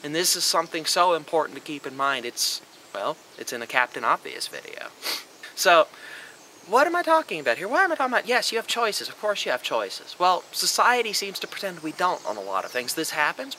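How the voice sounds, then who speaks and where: A man's voice: fairly high pitch, sing-song, a little fast, pushed and bright, a little hiss or hum, poor audio. A young man delivering an emphatic, lecturing monologue on a vlog, swearing freely as he argues his point. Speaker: vlogger. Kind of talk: opinionated monologue.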